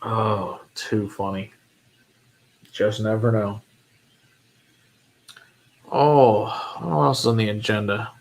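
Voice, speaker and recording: A low-voiced man hosts a late-night whiskey livestream in a loose, chatty way. He answers viewer comments as they come in, laughs easily and keeps returning to how funny things are. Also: steady tone, slow pace, gravelly, pauses often. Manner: chatty, laughs often, amused.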